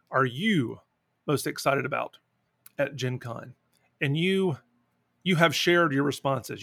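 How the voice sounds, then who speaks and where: A man co-hosting a board game podcast, his voice sitting a bit high with a gravelly fry. He chats casually and jokes as he reads listener replies. The sound is dry and close. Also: no room sound. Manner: relaxed, joking, reads listener responses aloud. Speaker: podcast co-host. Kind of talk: casual chat.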